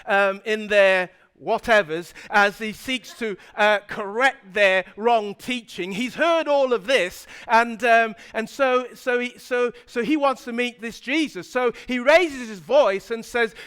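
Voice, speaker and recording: High-voiced man preaching a story sermon. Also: clear, resonant tone. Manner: animated retelling with frequent restarts. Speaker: pastor. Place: church.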